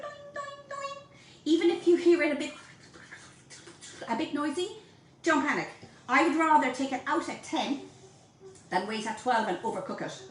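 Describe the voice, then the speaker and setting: Lively Irish woman in an echoey kitchen. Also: high voice, recorded from a distance, slight background noise. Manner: chatty, playful, addresses viewers directly. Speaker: baking teacher. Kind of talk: home baking demonstration. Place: home kitchen.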